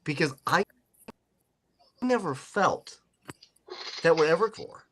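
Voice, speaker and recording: Man, podcast host, fairly high voice, bright tone, joking, rambling. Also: expressive, slow. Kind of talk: casual chat.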